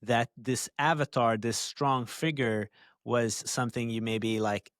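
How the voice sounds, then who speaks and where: A man's voice: medium pitch, measured pace, fairly bright tone, dry recording, studio quality. A man hosting a podcast interview, asking loose, rambling questions full of fillers. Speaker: host.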